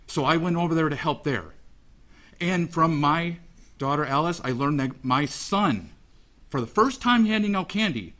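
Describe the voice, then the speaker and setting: A father giving an emotional, halting victim statement in a courtroom, repeating phrases as he speaks. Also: on the high side, a bit bright.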